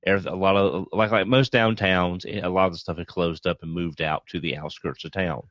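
A man's voice: sits low, fairly even intonation, fairly quick, fairly bright tone, dry recording, lo-fi sound. A man co-hosting a podcast, telling a rambling, easygoing anecdote. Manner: easygoing, rambling with fillers and restarts. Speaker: podcast co-host. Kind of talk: casual storytelling chat.

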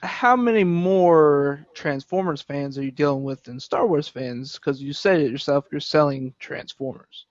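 A man chatting casually and pushing back with quick skeptical questions. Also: fairly high pitch, no room sound. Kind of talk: casual chat. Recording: dry, dull lo-fi sound.

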